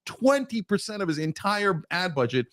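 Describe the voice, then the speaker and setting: A man argues his point in a heated debate, insistent and quick, piling on figures. His voice sits somewhat high. The sound is dry and close. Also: sing-song, a bit bright, no echo. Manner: insistent, rapid, stacks up figures. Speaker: political commentator.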